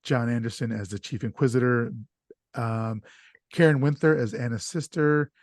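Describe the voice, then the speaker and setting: A man's voice: medium pitch, normal speed, no echo, clean studio sound. A man hosting a casual podcast chat, talking loosely and stumbling over names, with an easy laugh. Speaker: podcast host.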